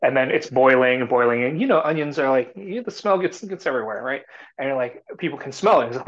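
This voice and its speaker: A man's voice: medium pitch, fast. A man talking as a startup CEO guest in a casual live talk, rambling and full of fillers and restarts. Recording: muffled lo-fi audio.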